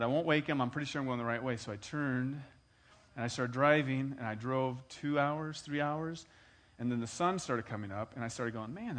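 A man preaching a sermon, moving between conversational storytelling and loud, emphatic exhortation, calling on his congregation to answer back. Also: medium pitch. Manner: emphatic, engages the congregation with call and response. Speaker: pastor.

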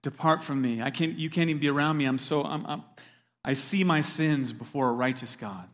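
A man acting out a weary, stubborn fisherman who answers gruffly and sarcastically. The voice is his own everyday voice, lightly coloured. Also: fairly high pitch, a little fast, a bit bright, big-room sound, close to an everyday voice. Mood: remorseful.

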